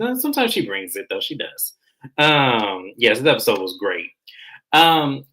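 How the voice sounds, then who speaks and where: The voice is bright and forward, at a middle pitch, and the talk is loose and slangy. This vlogger recaps a reality show episode in a chatty way. They slip into quick impressions of the cast as they go. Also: low-quality recording. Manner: chatty, acts out quoted lines in shifting voices; slangy, informal phrasing. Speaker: recap reviewer.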